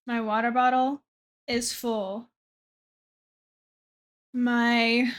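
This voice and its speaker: A young woman streamer chats casually with her chat from her desk in a dim room, self-deprecating and trailing off with fillers. Her voice is on the high side and a bit bright.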